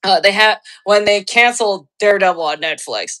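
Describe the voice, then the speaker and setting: A woman hosting a podcast in casual chat, excitable, laughing often and restarting her sentences. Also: medium pitch, brisk. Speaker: podcast host.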